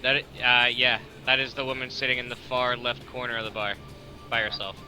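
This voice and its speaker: A man's voice: mid-range voice, fairly quick, over music. A man running a tabletop game as game master, narrating with lots of laughter. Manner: animated, laughs often.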